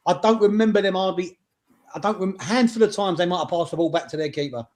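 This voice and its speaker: Blunt, joking English man, slightly high. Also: fast talker, darkish tone. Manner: blunt, joking, swears casually. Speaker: podcast co-host. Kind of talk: casual football chat.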